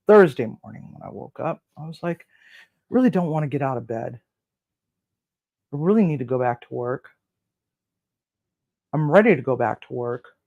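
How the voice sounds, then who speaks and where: A relaxed, chatty home-cooking host spinning a long personal tale at a middling pitch. They slip into little voices for each side of a phone conversation and pad their speech with ums and restarts. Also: moderate pace, creaky, pauses often, muffled recording. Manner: chatty, relaxed, acts out both sides of phone calls; frequent fillers and restarts. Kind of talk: casual storytelling.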